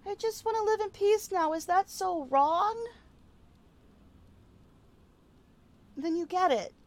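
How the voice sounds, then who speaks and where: A woman's voice: very high-pitched, animated, normal speed. A woman acting as a weary, foul-mouthed female ex-killer trying to live in peace, talking casually with lots of fillers and restarts, sometimes with her mouth full, in an audio role-play drama. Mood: defiant. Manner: chewing food while talking.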